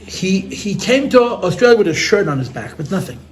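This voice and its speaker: In a room full of listeners, a rabbi tells stories to a gathering in a high-pitched, sing-song, brisk voice, with a slight hiss or hum in the background. He is earnest and heartfelt, repeats himself, and sprinkles his talk with Yiddish and Hebrew words.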